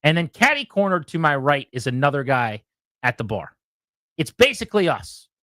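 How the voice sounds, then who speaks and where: Animated man telling a story on air. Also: moderate pace, dry recording, clean studio sound. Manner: animated storytelling, mimics others in a loud high voice. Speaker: sports radio host. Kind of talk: casual radio talk.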